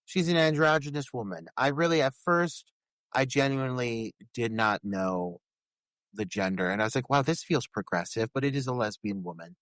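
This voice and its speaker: A man's voice: medium pitch, normal speed, a bit bright, no echo, low-quality recording. A man co-hosting a podcast, talking earnestly and with enthusiasm about a horror film's scenes. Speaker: podcast co-host. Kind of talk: casual film discussion.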